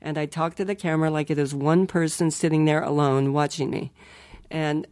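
A woman's voice: sits low, fairly even intonation, normal speed, darkish tone, dry recording. An older woman chatting as a guest in an interview, playful and self-mocking, laughing often. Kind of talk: casual interview chat.

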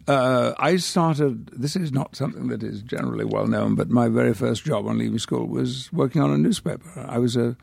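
An older man from the north of England, a guest actor telling anecdotes in a measured, articulate and wry manner. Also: mid-range voice, gravelly, darkish tone, slightly rough, no room sound, clean studio sound. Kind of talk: anecdotal interview storytelling.

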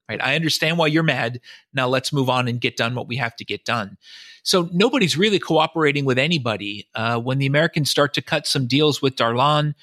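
Man, historian guest, bright tone, dry close sound, explanatory, quotes sources. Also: medium pitch, dry recording. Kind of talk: podcast interview answer.

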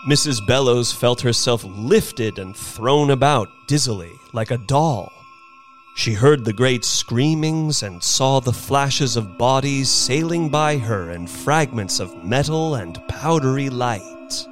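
A man performing a dramatic story reading as the storyteller, expressive and unhurried. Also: medium pitch, soft background music.

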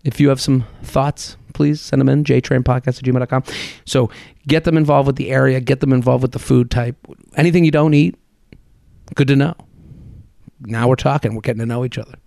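A man in his thirties talks through a solo podcast episode. He is chatty and self-deprecating, with a gravelly edge to his voice. The sound is dry and close. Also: medium pitch, steady tone, fairly quick, dark tone, no room sound. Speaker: podcast host.

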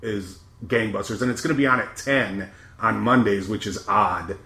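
A middle-aged man co-hosting a podcast, previewing new TV shows in a profane, wry and animated way. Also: fairly low pitch, normal speed, echoey room. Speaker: podcast co-host. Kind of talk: casual chat, TV season preview.

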